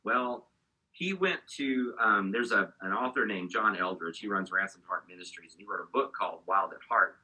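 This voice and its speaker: A man being interviewed, giving an animated, candid account of his own past. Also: lowish voice, moderate pace, slightly rough, low-quality recording. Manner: animated storytelling, gets fired up. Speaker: interview guest.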